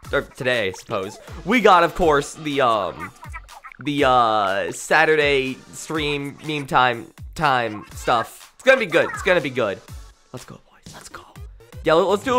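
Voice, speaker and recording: A tired young man with a worn voice rambles loopily through live game commentary, breaking into giggles. His pitch bounces around a lot and his tone is bright and a bit high for a man. Faint game music plays behind him. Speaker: streamer. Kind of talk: casual game stream commentary.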